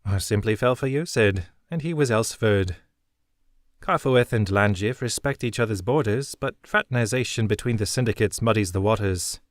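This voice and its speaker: A man's voice: on the low side, moderate pace, no echo, clean studio sound, close to an everyday voice. A man voicing a shrewd, wry young woman smuggler who talks in a chipper, blunt way.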